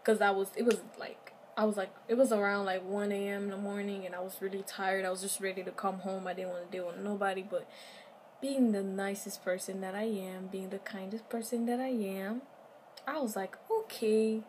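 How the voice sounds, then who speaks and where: Young woman, casual storytime vlogger, lively and chatty, talks right to camera, faint hiss on the track. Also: mid-range voice, a little fast. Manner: animated, chatty, addresses viewers directly.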